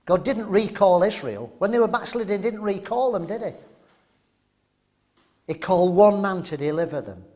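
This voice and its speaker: A man's voice: high-pitched, expressive, normal speed, long pauses, warm tone. An older man from England preaching a sermon, emphatic and full of rhetorical questions.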